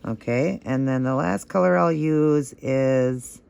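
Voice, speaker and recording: Male tutorial host, mid-pitched, gravelly with vocal fry, chatty and encouraging. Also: slow pace, a little mellow. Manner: chatty and encouraging, gushing over the results. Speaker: nail art tutorial host. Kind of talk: step-by-step tutorial narration.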